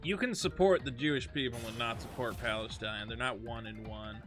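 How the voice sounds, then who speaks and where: Male streamer, casual gaming chat, animated and exasperated, mid-pitched voice, loud game music behind. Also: fairly quick. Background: video game music.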